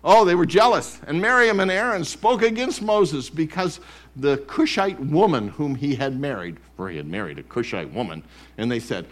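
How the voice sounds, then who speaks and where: A male pastor preaching a sermon in church, animated and mimicking grumblers. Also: on the high side, moderate pace. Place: church sanctuary.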